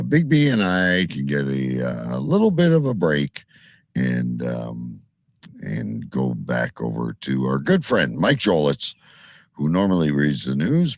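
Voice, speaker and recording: Gravelly, low-voiced male radio host. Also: dry recording, clean studio sound. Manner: loud laughing, swearing, jokey. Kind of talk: crude comedic talk radio banter.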